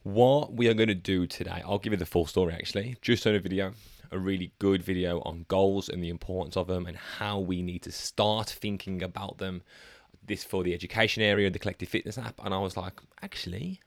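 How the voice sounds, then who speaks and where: A man's voice: low voice, fairly even intonation, fairly quick, no room sound. A man hosting a fitness podcast alone, chatting casually and sometimes reading from his notes with a self-deprecating manner. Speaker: podcast host and personal trainer. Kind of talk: solo podcast monologue.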